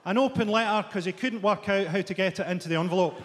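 High-voiced Scottish stand-up man. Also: steady tone, quick pace, fairly bright tone. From Scotland. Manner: dry, sardonic delivery. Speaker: comedian. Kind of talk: stand-up comedy. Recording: broadcast from a live hall with audience. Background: audience laughter.

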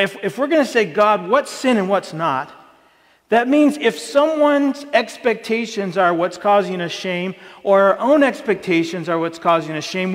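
A man preaching a sermon as a pastor, earnest and plain-spoken, rising in pitch when he presses a point. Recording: long hall reverb.

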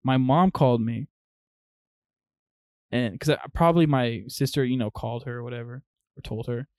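A young man co-hosts a podcast, casually recounting an animated story and cursing freely. His voice sits in the mid range at a moderate pace, captured in a dry, clean studio recording.

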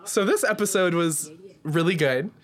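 A man, co-hosting a casual podcast chat and telling stories quickly with lots of laughing. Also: fairly high pitch, a bit bright. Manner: giggly, quick storytelling. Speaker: podcast co-host, drag performer.

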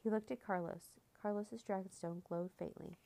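A woman reading a children's chapter book aloud in a clear, measured storytelling manner. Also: mid-range voice, fairly even intonation, mellow.

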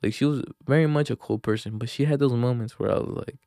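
A man's voice: mid-range voice, fast talker, gravelly, dark tone, no echo, clean studio sound. A young man hosting a podcast, telling a story in a rambling, profane way full of filler words. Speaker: podcast host. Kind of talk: casual chat. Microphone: handheld microphone.

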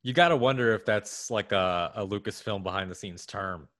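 A man co-hosting a podcast in casual chat, speaking with enthusiasm in quick bursts. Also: lowish voice, fairly bright tone, no echo, clean studio sound. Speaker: podcast co-host.

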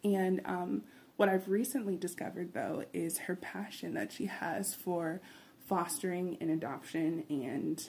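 A woman's voice: fairly low pitch, steady tone, creaky, a little mellow, a little hiss or hum. A woman hosting her podcast in a casual, giggly chat, sometimes drawing out words in a sing-song way. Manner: chatty, giggly, drawn-out sing-song intro. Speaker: podcast host.

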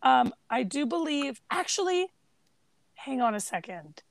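Gravelly high-voiced chatty woman. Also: very animated, unhurried. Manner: chatty, laughs often, rambling restarts. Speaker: podcast co-host. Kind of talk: casual chat.

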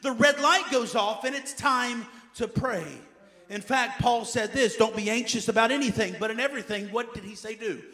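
A man preaching a sermon as pastor, emphatic, repeating key phrases and swinging between loud urging and quiet asides. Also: extremely high pitch, moderate pace.

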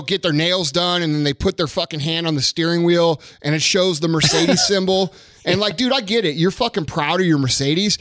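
A man in his thirties vents on his podcast in a blunt, heavily profane rant, frustrated and fired up. His voice sits high for a man. The sound is close and dry. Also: fairly bright tone, no room sound. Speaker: podcast host. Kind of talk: casual ranting talk.

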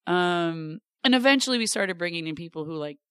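A woman in her thirties talks casually as a podcast guest, with a wry, deadpan, self-deprecating streak. Her voice sits on the lower side for a woman. The sound is dry and close, with no room around it. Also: a little fast, clear, resonant tone, dry recording. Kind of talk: casual chat.

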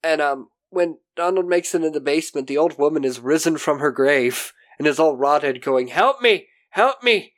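A man co-hosting a podcast, recapping a TV episode in animated casual chat, swearing casually and acting out quotes. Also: fairly high pitch, normal speed, few pauses. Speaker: podcast co-host.

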